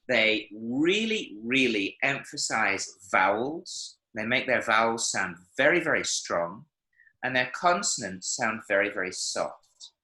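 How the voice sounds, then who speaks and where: A man's voice: medium pitch, sharp tone. A man teaching a Spanish class online, encouraging his students and demonstrating pronunciation aloud. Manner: encouraging, explains with spoken examples. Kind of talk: online language lesson. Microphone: video call. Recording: echoey room.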